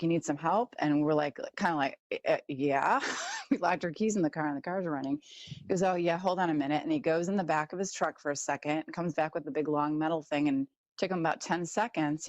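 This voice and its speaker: A woman guest telling personal stories in an animated way, acting out the voices she quotes. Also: deep voice, fairly quick, dry recording, lo-fi sound. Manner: animated, acts out quoted voices, laughs often. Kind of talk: personal storytelling.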